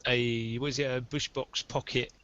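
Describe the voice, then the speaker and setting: A man's voice: medium pitch, flat delivery, moderate pace, fairly bright tone. A man in casual podcast chat, easygoing and agreeable. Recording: dull lo-fi audio.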